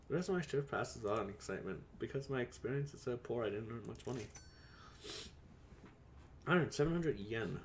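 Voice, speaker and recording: A man's voice: mid-range voice, animated, brisk, pauses often, a little hiss or hum. Rambling man narrating a game. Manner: rambling, self-deprecating, many fillers. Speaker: let's play host. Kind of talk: casual game commentary.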